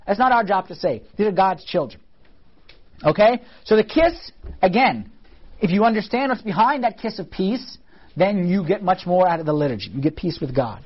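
A man's voice: high voice, animated, a little fast, slightly rough, highs cut off. A man teaching a church class on the liturgy in a casual, conversational way, often asking his listeners questions.

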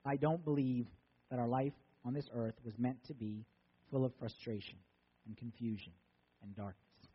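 Husky storytelling pastor, echoey hall. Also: male voice, medium pitch, fairly even intonation, moderate pace, dull audio. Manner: storytelling, swinging between loud and soft. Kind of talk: sermon. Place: church.

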